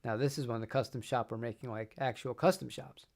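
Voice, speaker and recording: A man's voice: medium pitch, steady tone, brisk, vocal fry, darkish tone. A man hosting a guitar channel, chatting casually on a live stream, rambling and repeating words and laughing often.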